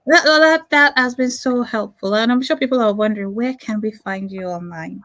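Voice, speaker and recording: A woman's voice: on the high side, normal speed, a bit bright, no room sound. A woman hosting a podcast, enthusiastically thanking her guest. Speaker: podcast host. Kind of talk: podcast interview wrap-up.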